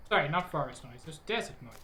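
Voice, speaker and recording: A woman's voice: low voice, lively intonation, fast, pushed and bright, a little hiss or hum, low-quality recording. A woman streamer giving casual, playful and enthusiastic commentary while playing a game.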